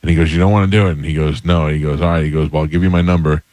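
Radio host, male, very low voice, quick, dry studio sound, storyteller. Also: fairly even intonation, a little mellow, no room sound. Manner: storytelling, quoting people. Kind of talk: casual radio chat.

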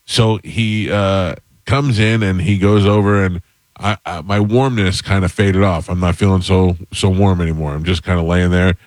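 A man with a very low voice tells a rambling personal story to his co-hosts, casual and self-deprecating. The sound is dry and close, with no room around it. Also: normal speed, no room sound. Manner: rambling, animated anecdote with self-deprecating humor. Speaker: podcast host.

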